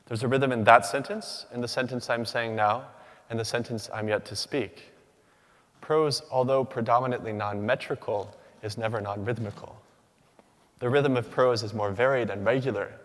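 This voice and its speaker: A man giving a rehearsed academic talk from a stage, with rhythmic, measured delivery and deliberate pauses. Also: on the low side, fairly even intonation. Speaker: doctoral student speaker. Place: large hall. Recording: long hall reverb.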